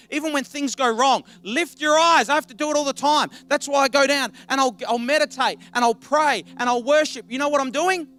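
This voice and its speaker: A male pastor preaching a passionate sermon, swinging between quiet reflection and loud exhortation. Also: very high voice, no room sound. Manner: impassioned, rising to loud exhortation.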